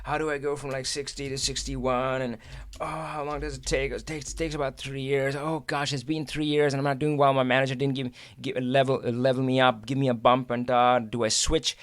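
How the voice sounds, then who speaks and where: A man hosting a casual live stream, talking in a loose, chatty way full of restarts and asides. His voice sits at a mid pitch, and the close, dry mic gives almost no room sound. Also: fairly quick, no echo. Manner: chatty, animated, frequent restarts and laughs.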